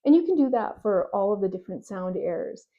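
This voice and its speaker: A woman's voice: medium pitch, sing-song, fairly quick, lo-fi sound. A woman speaking as a speech pathologist, giving parents a friendly, plain-spoken explanation to camera. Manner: friendly, plain-spoken, with playful mock confusion in examples. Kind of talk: informal educational talk to camera.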